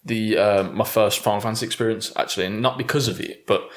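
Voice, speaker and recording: A man's voice: lowish voice, fairly even intonation. A British man on a gaming podcast, telling a story in casual chat with plenty of laughter. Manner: laughing storyteller, quick asides. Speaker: podcast host.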